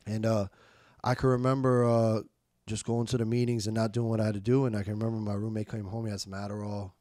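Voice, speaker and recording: His voice is on the low side and warm, with a level tone and quick pace, captured in clean studio sound without echo. The young adult man is a podcast guest candidly recounting his recovery in conversation, emphatic and slangy with street swearing, repeating words and quoting himself.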